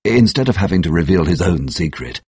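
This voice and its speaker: Deep husky male story narrator. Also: big pitch swings, a little fast, darkish tone, dry recording. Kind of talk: scripted story narration for English learners.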